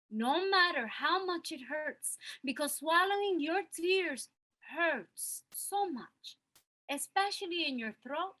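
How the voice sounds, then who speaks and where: A young working mother telling her story, as an actress plays her. Her voice sits high and sounds bright, and she takes her time. She is confessional and mixes Spanish words into her English. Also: heavily acted, poor audio. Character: young working mother, Cristela, holding back tears. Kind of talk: stage monologue acting.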